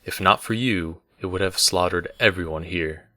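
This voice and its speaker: Man doing a measured innkeeper, deep and crisp, bone-dry sound. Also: pushed and bright, no echo. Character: calm red-haired male innkeeper.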